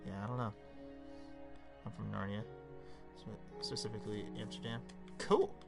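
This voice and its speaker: A man's voice: lowish voice, little pitch movement, normal speed, creaky, over music. A young man live-streaming a game, reading chat aloud and joking around with casual swearing.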